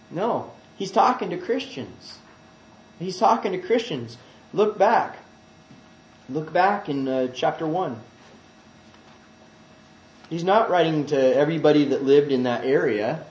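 A man preaches a sermon in a high voice. He drops to quiet asides, then rises loud and emphatic when he reads scripture. The sound rings through an echoey church hall. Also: animated, measured pace, long pauses, muffled recording.

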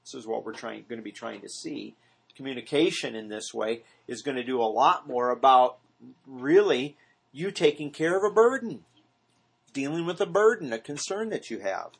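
A man's voice: medium pitch, lively intonation, normal speed, gravelly, slightly rough. A man teaching a small Bible study in earnest, often asking the group questions. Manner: earnest, asks the group questions, mimics repetitive praying.

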